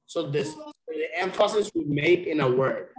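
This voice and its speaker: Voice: mid-range voice, lively intonation, moderate pace. Patient English teacher on a video call. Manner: patient, checks understanding often. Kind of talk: online one-on-one English lesson. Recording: echoey room over a video call.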